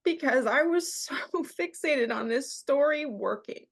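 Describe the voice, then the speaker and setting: A woman's voice: sits high, lively intonation, a little slow, gravelly. A woman in her thirties, a radio host and guest, candidly telling an emotional personal story and often quoting what others said to her. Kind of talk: personal storytelling in a podcast conversation.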